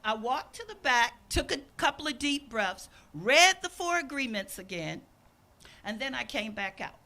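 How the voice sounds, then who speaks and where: A woman's voice: on the high side, very animated, a little slow, sharp tone. An older woman minister giving a sermon outdoors, telling stories in an earnest way and acting out the voices she quotes. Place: outdoor service.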